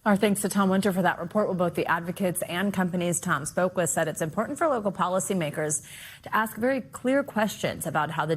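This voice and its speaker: A female news anchor presenting stories in a clear, upbeat delivery. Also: fairly low pitch.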